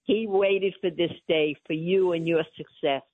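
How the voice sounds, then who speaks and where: A woman's voice: on the low side, steady tone, measured pace, dry recording. An older woman, calling in as the host's mother, talking in an effusive, emotional and pleading way. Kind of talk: phone-in chat. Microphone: phone. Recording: tinny phone line.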